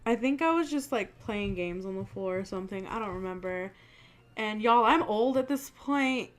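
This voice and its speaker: Speaking at normal speed with a medium-pitched voice, a young woman hosts her own channel. Her talk is casual as she shares spooky stories, cursing without restraint and performing other people's lines.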